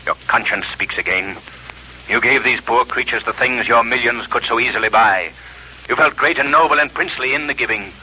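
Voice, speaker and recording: A man's voice: mid-range voice, fairly quick, muffled recording, slight background noise, natural voice. An actor playing a mysterious unseen male avenger who speaks as a conscience, commanding and solemn, in 1940s radio acting. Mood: accusing.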